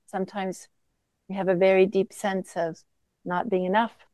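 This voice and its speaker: A woman teaching as a Zen teacher in a reflective dharma talk, mostly soft-spoken with sudden emphatic bursts. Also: medium pitch, fairly even intonation, normal speed, no echo, poor audio.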